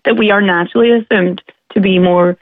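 A woman's voice: medium pitch, steady tone, a little fast. A woman from Derry with a Derry accent, calling into a radio show and speaking forthrightly and with passion. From Derry, Northern Ireland. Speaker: radio caller. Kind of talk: radio phone-in discussion. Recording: tinny phone line.

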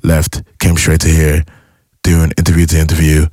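Very low-voiced young man, excitable. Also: moderate pace, no echo, clean studio sound. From Ireland. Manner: excitable storyteller, acts out his own reactions. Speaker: musician guest. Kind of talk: casual interview chat.

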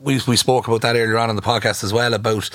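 A man's voice: mid-range voice, fairly even intonation, racing, a bit bright, no room sound. An Irish man hosting a radio sports show, chatting easily and introducing segments. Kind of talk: casual radio chat and presenting.

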